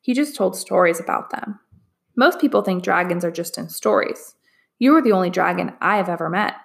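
A woman's voice: lowish voice, animated, brisk, creaky. A woman voicing a kind, friendly young girl in a storybook. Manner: friendly, reassuring.

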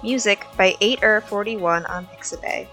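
A woman host reading the closing credits of a podcast in a steady, scripted way. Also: medium pitch, moderate pace. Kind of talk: read outro credits. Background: soft music.

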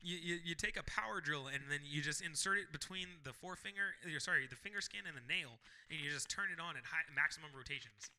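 A man's voice: fairly high pitch, fast, hardly any pauses, sharp tone, rough recording. A man co-hosting a podcast, chatting casually and joking, who often slips into mock voices. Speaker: podcast co-host. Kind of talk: casual chat.

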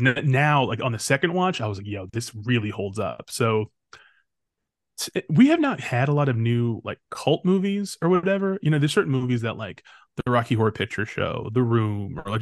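A man speaking as a podcast guest in casual conversation, relaxed and rambling with frequent restarts. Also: mid-range voice, dry recording, studio quality. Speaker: podcast guest, film critic.

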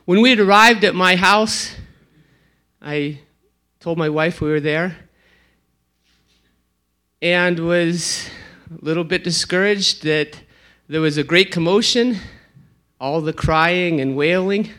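A man plays a grateful father whose daughter was brought back to life, recounting it in an earnest dramatic monologue. His voice sits fairly high for a man. He speaks slowly and deliberately. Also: bright, forceful tone, full character voice. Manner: slow, earnest storytelling. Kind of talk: first-person dramatic monologue.

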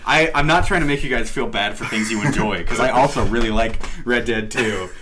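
A man's voice: mid-range voice, a little fast, background noise. A young man co-hosting a casual podcast, joking and self-deprecating, mimicking his friends. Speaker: podcast co-host. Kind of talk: casual chat.

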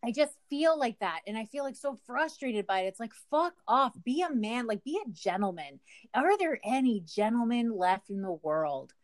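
A woman's voice: on the high side, lively intonation, moderate pace, dry recording. A woman co-hosting a casual chat, telling a story frankly, with lots of swearing and fillers.

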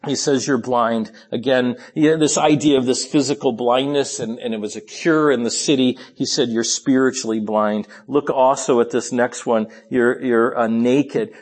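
A man preaches a sermon, dropping into low, hushed asides before rising into pleading, emphatic lines. Now and then he restarts and apologizes for rushing, and his tone stays steady.

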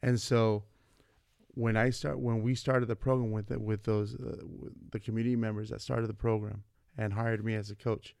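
A man's voice: lowish voice, moderate pace, gravelly, smooth, no room sound, clean studio sound. A man in his forties, a vice principal and former coach, telling stories in a casual conversation and acting out the voices of people he quotes. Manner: animated, acts out quoted voices, says "man" and "like" often.

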